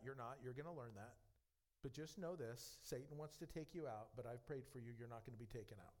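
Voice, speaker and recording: A man playing a gracious male teacher who speaks in soft, tender reassurance. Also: medium pitch, lightly acted, rough recording.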